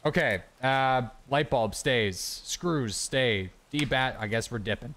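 A man's voice: medium pitch, slow, a bit bright, a little hiss or hum. A young man, streaming a shooter game with joking, swearing running commentary. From Canada. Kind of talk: casual gameplay commentary.

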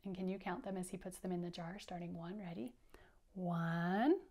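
A woman's voice: on the low side, normal speed, mellow, a little hiss or hum. A woman teacher leading an interactive children's read-aloud, patient and encouraging as she counts along with the kids.

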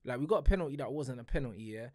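Lively man in dry casual chat. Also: medium pitch, racing, no echo. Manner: excitable, conversational, slangy. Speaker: podcast co-host. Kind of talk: casual banter podcast.

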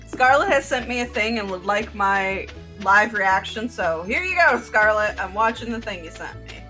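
A woman streaming and chatting casually, prone to loud shrieks and acting out voices when she tells a story. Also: mid-range voice, normal speed, rough recording. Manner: animated, loud outbursts and shrieking reactions; acts out voices when retelling stories. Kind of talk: casual chat on a game stream. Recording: music playing behind.

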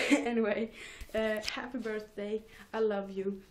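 A woman's voice: mid-range voice, steady tone, a little slow. A teenage girl rambling casually in a home vlog, giggling and mocking herself between thoughts. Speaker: vlogger.

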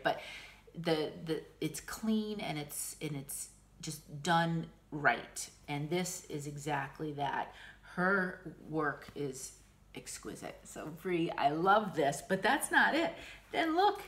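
A middle-aged American woman chatting casually and warmly about her stitching haul, gushing and emotional, restarting often. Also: low-pitched. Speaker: cross-stitch vlogger. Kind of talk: casual chat.

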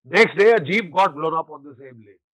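A man's voice: a little high, brisk, rough recording. An older man with an Indian English accent, a retired army general telling war stories as an interview guest, acting out the dialogue and often adding "you know". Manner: animated storyteller, acts out quoted dialogue, often adds "you know". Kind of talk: war storytelling.

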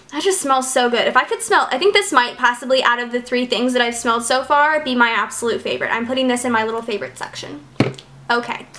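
High, bright, gushing young woman. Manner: gushing, excitable, lots of "like" and "oh my gosh". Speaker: beauty vlogger. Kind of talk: casual unboxing chat. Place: home.

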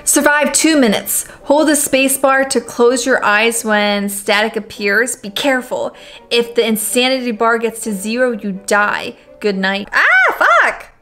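A young woman with a high voice talks through a horror game, excitable and loud-mouthed, repeating lines when scared and cursing freely. Faint music plays under her commentary from a home desk setup. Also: a little slow. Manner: excitable, swears, repeats herself in panic. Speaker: gaming YouTuber.

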